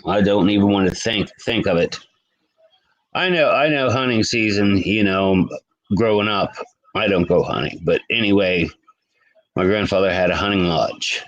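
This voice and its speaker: A man's voice: fairly low pitch, normal speed, highs cut off. A man hosting a late-night live stream from home, chatting loosely and greeting viewers in the chat by name. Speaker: livestream host. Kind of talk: casual live-stream chat reading comments.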